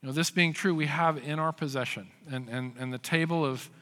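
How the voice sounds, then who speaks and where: A male pastor preaching a sermon, telling stories with loud acted quotes and dropping to hushed emphasis. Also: fairly high pitch, fairly even intonation, a little fast. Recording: long hall reverb.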